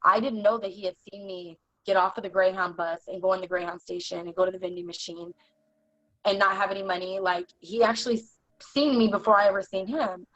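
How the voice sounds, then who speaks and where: A young woman tells a personal story as an interview guest, halting and earnest, padding her sentences with "like". Her voice sits in a middle register. It comes through a dull, slightly muffled recording with a dry, close sound. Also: medium pitch, steady tone, fairly bright tone, no echo. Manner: halting, earnest, heavy use of "like".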